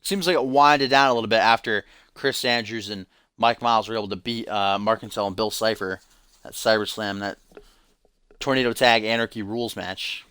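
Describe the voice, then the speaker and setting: A man's voice: on the low side, steady tone, moderate pace, sharp tone, clear, resonant tone, no room sound. A man hosting a live stream, giving joking play-by-play of a wrestling video game between chat asides. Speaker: stream host and commentator.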